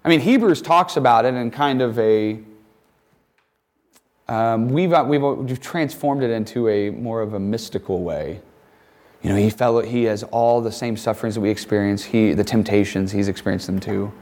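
A man teaching a Bible lesson, reading passages aloud and acting out quoted lines with animated voices. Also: lowish voice, moderate pace.

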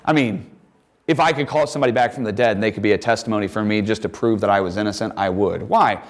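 A campus chapel speaker, a man with a fairly low voice and quick pace, gives students a conversational, casual talk full of joking asides and acted-out quotes.

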